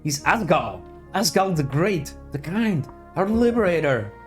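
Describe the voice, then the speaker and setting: A man voicing a proud, short-tempered male dwarf foreman who talks slowly and with indignation. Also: medium pitch, warm tone, soft background music, natural voice. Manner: indignant, drawn-out and raised.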